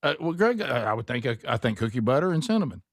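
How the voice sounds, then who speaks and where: A man's voice: medium pitch, sing-song, fast talker, dry recording. A man hosting a radio show, joking and talking over the others in casual studio banter. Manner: talks over others, repeats himself, joking. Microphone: studio microphone.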